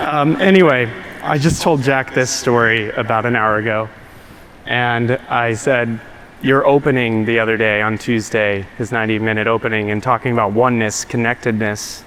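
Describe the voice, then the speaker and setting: A man's voice: mid-range voice, fairly even intonation, normal speed, fairly bright tone, a little hiss or hum. A man giving a keynote talk to a live audience, telling a story in an earnest way and getting choked up. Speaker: keynote speaker. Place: large hall before a live audience.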